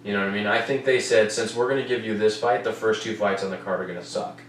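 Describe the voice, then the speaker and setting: His voice is on the low side, steady in tone and fast as this podcast host casually runs through recent fights. He curses often and asks "you know what I mean?" over and over. The recording, made in an air-conditioned room at home with a distant mic, sounds roomy with faint noise.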